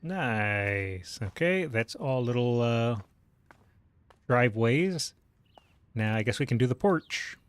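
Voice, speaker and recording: A man chatting casually and rambling with filler pauses while he streams a game. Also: mid-range voice, animated, slight background noise. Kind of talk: casual gameplay commentary.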